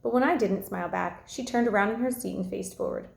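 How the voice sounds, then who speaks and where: A teacher reading a novel aloud to her class and pausing to ask questions. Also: fairly low pitch, fairly even intonation, gravelly, a little mellow. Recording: echoey room.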